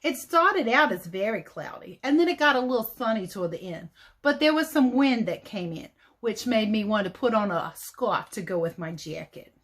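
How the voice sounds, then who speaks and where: A woman's voice: medium pitch, expressive, normal speed, fairly bright tone. A woman voicing a chatty female TV weather reporter in an upbeat newscaster manner, giving a pretend weather report for children. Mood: chirpy.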